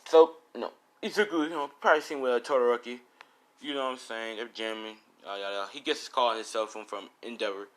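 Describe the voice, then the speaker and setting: A man's voice: mid-range voice, fairly even intonation, fast, fairly bright tone. A man casually improvising a fan fiction story, rambling with lots of fillers and the odd swear.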